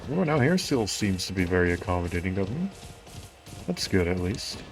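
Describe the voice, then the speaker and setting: Low-voiced man commenting on his gameplay. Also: big pitch swings, fairly quick. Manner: talks to himself, puzzled and self-mocking. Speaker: streamer. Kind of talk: let's-play commentary. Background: faint game music.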